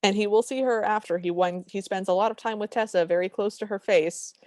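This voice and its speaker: A woman's voice: medium pitch, brisk, dry recording, studio quality. A woman co-hosting a podcast, recapping a film in casual chat and acting out the characters' lines. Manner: animated, acts out quotes in voices. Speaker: podcast co-host.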